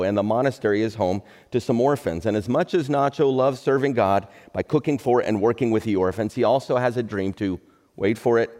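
A middle-aged man, a pastor, giving a recorded sermon in a relaxed, joking, conversational way. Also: lowish voice, in a large hall.

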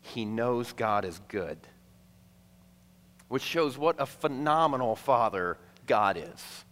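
A man preaching a sermon to a congregation, conversational and playful, acting out quick asides between the teaching. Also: mid-range voice, expressive, fairly bright tone. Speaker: pastor. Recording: long hall reverb.

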